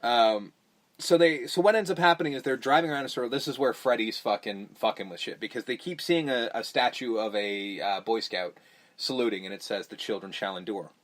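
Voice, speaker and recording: Man, medium pitch, podcast host, casual movie recap, swears a lot, acts out lines. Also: a little fast, a bit bright.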